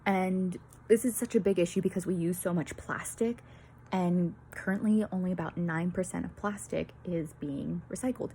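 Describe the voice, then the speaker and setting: A woman's voice: fairly low pitch, moderate pace, warm tone, a little hiss or hum. Nervous young woman presenting to peers. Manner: nervous, many fillers and laughs, apologetic. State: out of breath. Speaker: student presenter. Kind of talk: peer-teaching presentation.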